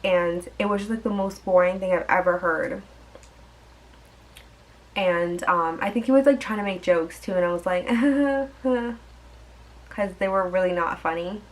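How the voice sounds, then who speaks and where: A woman's voice: fairly low pitch, steady tone, normal speed, low-quality recording. A young woman vlogger telling a dating story in a chatty, exasperated way, full of fillers and asides. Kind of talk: storytime vlog.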